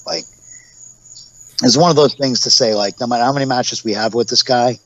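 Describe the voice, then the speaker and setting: A man's voice: medium pitch, a little fast, a bit bright, dry recording. Rambling forties man, dull lo-fi sound. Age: 40s. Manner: rambling storyteller, acts out quotes with laughs. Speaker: guest, professional wrestler. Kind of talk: casual podcast interview.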